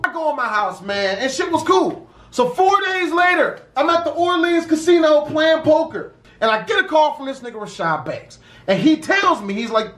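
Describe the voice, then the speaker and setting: A young man casually telling a story about a friend, with profane street slang and an animated delivery. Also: very high-pitched, brisk. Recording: roomy echo.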